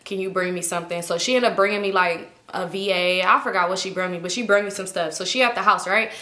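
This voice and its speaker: A woman in her twenties telling a story in a casual storytime vlog, slangy and animated and acting out the voices she quotes. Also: medium pitch, fast talker. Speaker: vlogger. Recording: echoey room.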